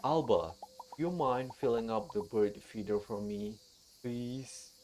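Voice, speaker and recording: A woman voicing a kindly old grandfather who photographs birds, speaking quietly. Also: very deep voice, slow. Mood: hushed. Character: gentle old grandfather, keen bird photographer. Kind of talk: game dialogue read aloud by a streamer. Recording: faint game music behind.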